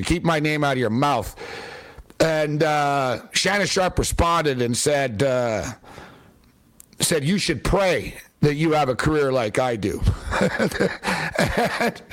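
A man with a high voice vents about football in a sarcastic, exasperated monologue. He talks bluntly and casually, like a fan commentator on his own show. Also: fairly bright tone. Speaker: sports commentator. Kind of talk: opinionated sports rant.

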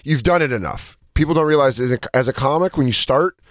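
Lively, wry male comedian co-host. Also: medium pitch, quick pace, no room sound, clean studio sound. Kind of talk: casual comedy radio chat.

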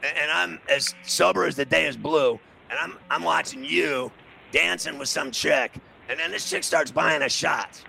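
A middle-aged man tells a casual anecdote and acts out every bit of quoted dialogue. His voice is heavily gravelly and full of fry. It has a bright, forceful edge. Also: a little high, moderate pace, a little hiss or hum, low-quality recording. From New York City.

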